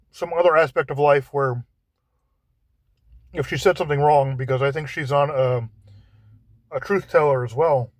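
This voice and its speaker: A man talking in a casual monologue, halting and often repeating words as he searches for how to phrase things. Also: on the high side, dry recording.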